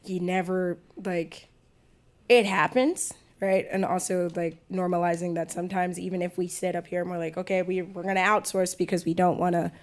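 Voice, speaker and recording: A woman's voice: on the low side, level tone, moderate pace. A woman on stage at a live taping, speaking reflectively and checking in with "right?". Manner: reflective, often ends with right?.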